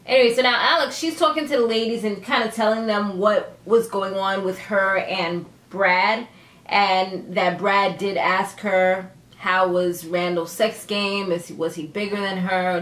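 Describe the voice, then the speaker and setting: A woman casually recapping a TV episode for her channel in a sassy, animated way, often laughing as she talks. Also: unhurried. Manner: animated, sassy, dramatic pitch jumps; laughs often while talking. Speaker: TV recap vlogger. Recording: echoey room.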